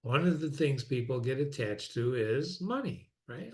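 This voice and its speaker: A man's voice: mid-range voice, very animated, a little mellow. A man reading classic philosophy aloud and commenting on it, reflective and conversational, often repeating phrases for emphasis. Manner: reads quoted passages slowly and deliberately. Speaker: reader and teacher of classic philosophy.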